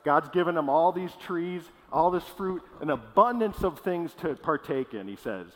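Man, pastor, casual conversational sermon, slightly high voice, long hall echo. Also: lively intonation, normal speed. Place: church hall.

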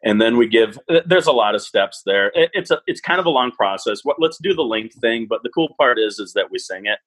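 A man's voice: lowish voice, fairly quick, no room sound, poor audio. A man who teaches a parenting class, telling stories in a casual chat and acting out the voices he quotes. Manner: animated, acts out quoted voices.

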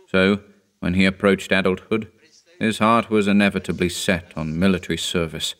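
A man in his thirties narrating a horror story in a measured, grave manner. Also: on the low side, clear, resonant tone.

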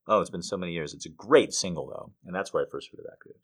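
A man's voice: low voice, quick pace, few pauses, breathy edge. A man hosting a podcast, reading poetry and then chatting casually, often rambling off track with swearing asides. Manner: rambling, easily sidetracked. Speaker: podcast host.

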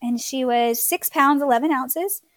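A woman's voice: high voice, a little slow, dry recording. A woman in her thirties from Florida casually telling her birth story as a guest, chatty with many fillers.

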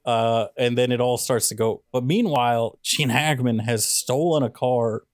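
A man's voice: mid-range voice, a little slow, no echo, clean studio sound. A man co-hosting a casual movie review chat, sarcastic and ranting as he picks apart a plot. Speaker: podcast co-host.

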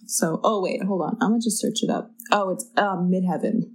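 A young woman co-hosting a podcast, chatting excitably about a movie and swearing casually. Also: lowish voice, brisk. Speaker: podcast co-host.

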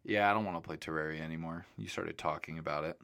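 A man's voice: rumbling low, fairly even intonation, fast talker, creaky, a bit bright, clean tone. A man co-hosting a casual chat, teasing and blunt with dry jabs. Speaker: podcast co-host.

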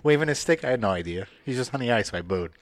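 A man's voice: medium pitch, expressive, rapid-fire, no echo. A man hosting a casual sports podcast, rambling and joking, often breaking into laughter. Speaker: podcast host. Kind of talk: casual hockey chat.

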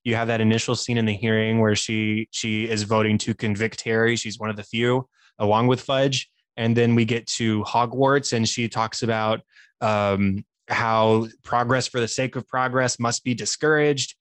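A man's voice: fairly low pitch, steady tone, normal speed, no room sound. A man talking casually on a podcast, analyzing a film with enthusiasm and frequent laughter. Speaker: podcast co-host or guest, teacher by day.

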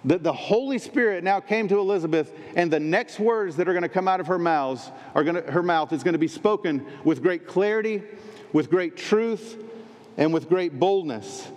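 A man's voice: high voice, normal speed. A male pastor preaching a sermon with emphatic, repeated phrases in threes. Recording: long reverb in a large hall.

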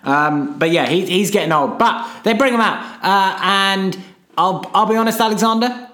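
A man's voice: sits high, moderate pace, bright, forceful tone, echoey room. A man, co-hosting a casual podcast chat, hesitant and wry, often restarting his sentences. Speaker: podcast co-host.

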